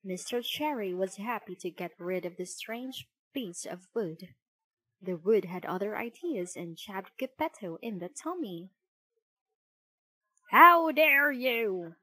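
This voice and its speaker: A woman narrating a children's storybook in a clear, measured reading. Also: medium pitch, lively intonation, low-quality recording.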